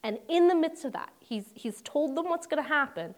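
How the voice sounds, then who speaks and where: A woman's voice: high-pitched, lively intonation, moderate pace. A young woman preaching a sermon in a conversational way, with humorous asides and dramatic quoted voices.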